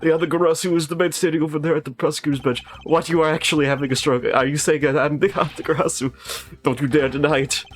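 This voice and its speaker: A man's voice: fairly high pitch, fairly even intonation, fast talker, voice pushed up, natural voice. A man voicing a desperate male defendant in a video game, pleading and accusing in a strained voice. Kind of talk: reading game dialogue aloud.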